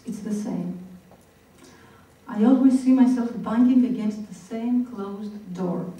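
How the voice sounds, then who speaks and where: Dark-voiced woman performing in an echoing hall. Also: medium pitch. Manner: slow, deliberate, with long pauses. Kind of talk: staged spoken-word performance. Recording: very echoey hall, voice picked up from far off.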